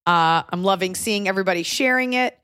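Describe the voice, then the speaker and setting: A woman's voice: mid-range voice, fairly quick, a bit bright, no echo, studio quality. A woman hosting a podcast, chatting casually and telling rambling, joking stories with the odd swear word. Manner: chatty, loose storytelling with jokes and swearing. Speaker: podcast host. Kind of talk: casual chat.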